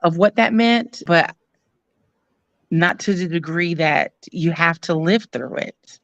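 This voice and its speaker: A woman guest frankly recounting her own experience in an interview, pausing often with "um". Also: lowish voice, dry recording, dull audio. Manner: earnest, frank, many "um" pauses. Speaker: guest telling her story. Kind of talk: candid personal storytelling.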